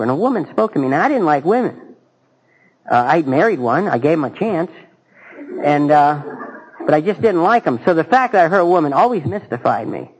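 A man giving a halting, earnest personal testimony to a recovery group, with dry self-mocking humor. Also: fairly high pitch, low-quality recording. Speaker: speaker sharing his recovery story.

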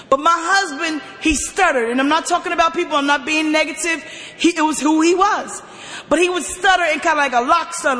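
A woman giving an emphatic personal testimony at a recovery meeting, often pushing her voice close to a shout. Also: very high voice, fairly quick. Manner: emphatic, often near-shouting, animated storytelling. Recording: long hall reverb.

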